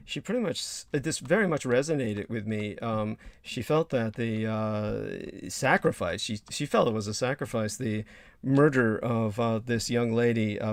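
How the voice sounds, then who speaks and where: A man hosting a casual livestream conversation, wordy and deliberate, with hesitant fillers. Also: on the low side, no room sound. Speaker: host.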